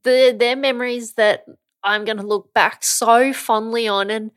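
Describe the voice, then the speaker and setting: A woman's voice: on the high side, fairly even intonation, measured pace. Earnest young woman co-host. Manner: heartfelt and earnest, stumbling over words. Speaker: podcast co-host. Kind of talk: casual chat.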